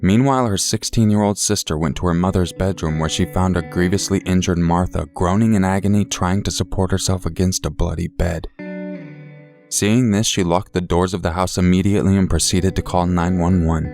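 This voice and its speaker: A man with a very low, deep voice tells a true crime story in a steady, somber scripted narration. He paces each grim detail with care, as the show's host. Faint guitar music plays softly underneath. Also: fairly quick.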